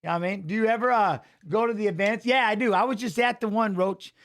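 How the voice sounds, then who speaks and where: High-pitched guy on a fight watch-along stream, keeps cracking up, stumbles over words, yells step in step in. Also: quick pace. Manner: laughs a lot, stammers and restarts, excitable coaching shouts. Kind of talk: casual live watch-along chat and fight commentary.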